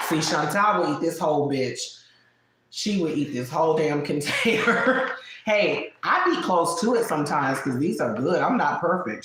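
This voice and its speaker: A woman's voice: low voice, background noise. A woman in her late thirties hosting a live stream, chatting candidly with viewers at home, laughing often and snacking as she talks. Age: 30s. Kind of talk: casual live-stream chat. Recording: very echoey room.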